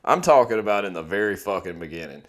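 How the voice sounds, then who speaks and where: Lively joking podcast co-host man. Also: fairly low pitch, quick pace. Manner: incredulous, joking, asks questions. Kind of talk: casual chat.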